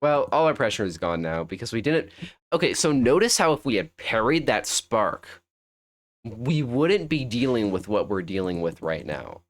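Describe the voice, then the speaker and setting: A man's voice: mid-range voice, big pitch swings, normal speed. A young man commentating a fighting game on a live stream, thinking aloud in a rambling, self-correcting way.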